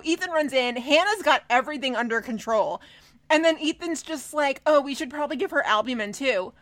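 A woman co-hosting a podcast in casual chat, animated and swearing, mimicking people in mocking voices. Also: sits high, no echo. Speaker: podcast co-host. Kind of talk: casual chat recapping a TV episode.

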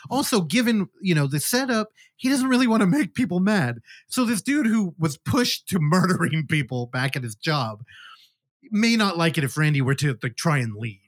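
A man's voice: on the high side, very animated, moderate pace, no room sound, studio quality. A man hosting a podcast, animatedly retelling a movie in casual chat and swearing freely. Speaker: podcast host. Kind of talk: casual film review chat.

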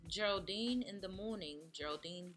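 A woman co-hosting a casual podcast chat, playful and teasing with quick asides. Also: medium pitch, over music. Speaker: podcast co-host.

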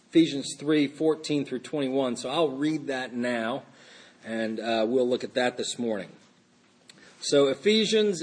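A middle-aged man preaching a sermon in an informal, halting way, with many fillers and restarts. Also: medium pitch. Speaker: pastor.

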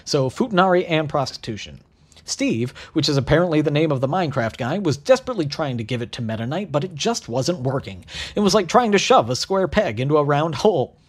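A man in his thirties telling a crude comedic story in a deadpan voice, tossing in sarcastic asides. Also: a little high, fairly quick, slightly rough. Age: 30s. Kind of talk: comedic narrated monologue.

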